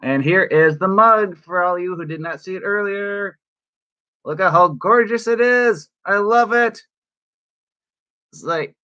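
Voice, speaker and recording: A man chatting casually on a live stream from his room, excitable and chatty, laughing often. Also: on the high side, lo-fi sound. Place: home room.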